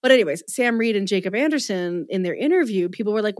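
A woman of medium pitch hosts a casual podcast chat, talking with quick asides and self-mocking humor. Her voice sits close and dry with no room sound. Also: lively intonation, no room sound. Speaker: podcast host.

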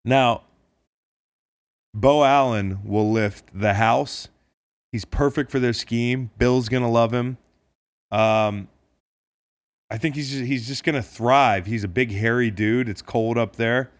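A man's voice: medium pitch, steady tone, slow pace, long pauses, no room sound. A man co-hosting a casual sports podcast, talking in a jokey, profane, rambling way with lots of restarts. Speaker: podcast co-host.

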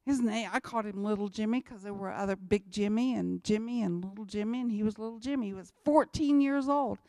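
A woman's voice: medium pitch, fairly quick, warm tone, no echo. A woman speaking as a missionary, telling church testimony stories in a repetitive, emphatic way.

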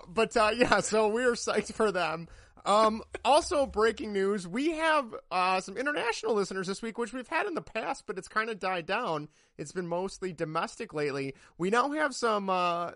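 A man's voice: high voice, very animated, normal speed, few pauses, a bit bright, no echo, studio quality. A man co-hosting a casual sports podcast, rambling and joking, often laughing at himself. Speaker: podcast co-host.

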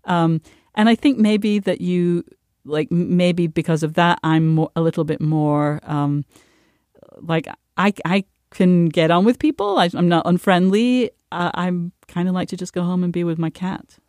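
A woman on a podcast panel, chatting casually with frequent halting restarts. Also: lowish voice, a little mellow, dry recording, clean studio sound. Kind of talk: casual chat.

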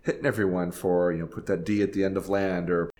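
A man interviewing choir singers in casual chat, agreeable and quick to laugh. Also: sits low, level tone, a little mellow.

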